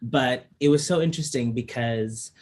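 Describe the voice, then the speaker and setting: A man from Canada with a slight lisp and a slightly raspy voice, reflectively telling personal stories in a casual conversation. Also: medium pitch, normal speed, a little mellow. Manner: reflective, personal storytelling with frequent ums. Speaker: performance artist in conversation.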